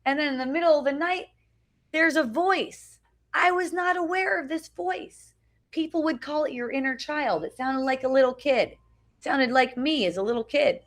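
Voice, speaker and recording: A middle-aged woman with a slightly high voice, sharing spiritual teachings in a loose, chatty way. She keeps checking in with "right?", circles back on her phrases and lets the odd swear word slip. She is recorded outdoors on a phone for a live video. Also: normal speed. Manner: conversational, frequent "right?" and restarts, casual swearing. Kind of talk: informal spiritual talk to a small group. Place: outdoors at a beach.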